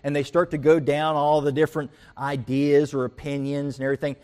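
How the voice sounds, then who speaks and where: Pastor guy preaching, slightly high voice, gets loud and worked up acting out stories. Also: brisk. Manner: animated storytelling, acts out quoted voices and rants. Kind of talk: sermon.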